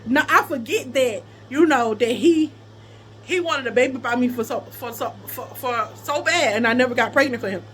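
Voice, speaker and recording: A young woman telling a personal story to her viewers in a casual, animated way, often laughing and quoting people. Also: sits high, normal speed, slight background noise.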